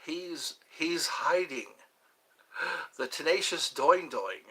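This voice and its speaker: A man's voice: a little high, expressive, slow, bright, forceful tone, slightly rough. A man hosting a live stream in a casual chat, joking around playfully and answering viewers' questions aloud.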